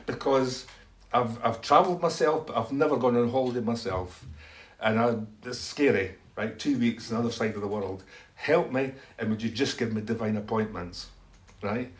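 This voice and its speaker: A man's voice: medium pitch, normal speed. A man telling a church testimony as a story, acting out both sides of conversations and laughing often. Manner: animated, acts out dialogue, laughs often.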